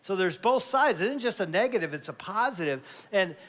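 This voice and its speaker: A man in his fifties, a pastor and grandfather, telling family stories in an animated, conversational sermon. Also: high-pitched, brisk. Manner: animated storyteller with sudden loud jumps.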